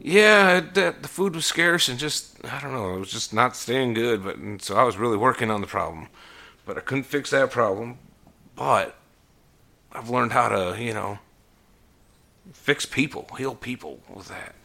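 A man's voice: medium pitch, animated, normal speed, vocal fry, bright, forceful tone. A man playing a tabletop role-playing game, speaking in character in a casual, folksy way with frequent restarts. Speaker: player.

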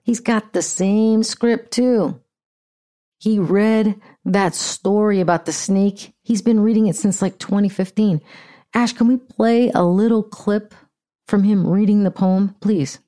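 A woman's voice: medium pitch, a little slow, warm tone. An American woman hosting a podcast with blunt, profane, ranting casual commentary. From United States. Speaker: podcast host.

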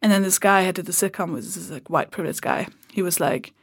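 A woman's voice: on the low side, fast, husky, no room sound, clean studio sound. A woman comedian guesting on a podcast, chatting casually and acting out the people in her stories. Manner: animated storytelling, acts out quoted people. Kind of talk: casual chat.

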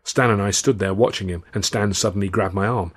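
Lower-voiced man reading his novel aloud. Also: steady tone, fairly quick, husky. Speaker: author and narrator. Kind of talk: scripted first-person novel narration.

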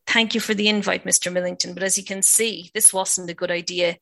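A woman's voice: lowish voice, steady tone, fairly quick, creaky, pushed and bright. A woman reading the lines of a bitter, scornful older father in an audiobook-style reading. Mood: curt. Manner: cold, contemptuous.

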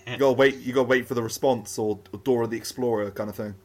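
A man's voice: mid-range voice, steady tone, fast talker, darkish tone, soft background music. A man co-hosts a podcast in a mid-range voice. He hesitates, repeats words and presents his segment with self-mocking humour. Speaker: podcast co-host. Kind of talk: casual chat.

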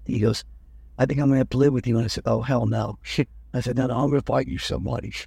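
An older man tells family stories in a relaxed, meandering way. He stops to restart sentences as he goes. His voice is gravelly and husky, recorded close with no room sound. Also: mid-range voice, quick pace, no room sound. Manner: rambling, self-correcting anecdotes. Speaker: guest. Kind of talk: relaxed storytelling in conversation.

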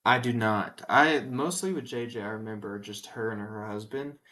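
A young man co-hosting a podcast in casual banter, answering with short, dry, deadpan jokes. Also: lowish voice, moderate pace. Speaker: podcast co-host.

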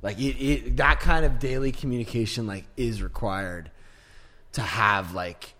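A man co-hosting a podcast in casual chat, with a gruff voice that sounds aggressive, blunt and swearing often. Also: medium pitch, unhurried, bright, forceful tone. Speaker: podcast co-host.

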